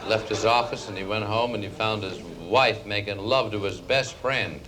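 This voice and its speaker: A man's voice: on the low side, normal speed, pushed and bright, a little hiss or hum, rough recording. A man telling jokes as a stand-up comedian and host, a breezy storyteller who laughs at his own punchlines.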